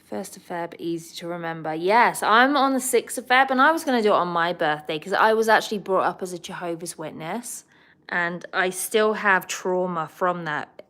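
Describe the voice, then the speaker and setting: A woman's voice: fairly low pitch, lively intonation, normal speed, fairly bright tone. Chatty southern English woman. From England. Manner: chatty, reads and answers viewer comments. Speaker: host of a pet livestream. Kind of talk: casual livestream chat.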